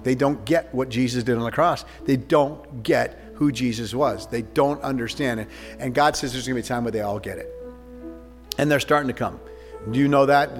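Man, pastor, communion sermon, storytelling, echoey sanctuary, soft instrumental music behind. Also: medium pitch. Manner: conversational, animated storytelling preacher. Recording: reverberant hall with faint music.

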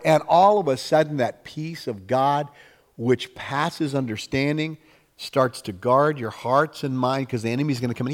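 A man's voice: fairly high pitch, normal speed. Fervent male preacher in a reverberant hall. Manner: fervent, conversational preaching with acted prayers. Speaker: pastor. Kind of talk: sermon.

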